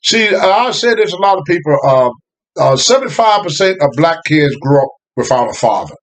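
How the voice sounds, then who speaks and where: Older man telling animated stories. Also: on the high side, brisk. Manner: animated, laughing, Southern US phrasing. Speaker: guest storyteller. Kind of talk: casual storytelling.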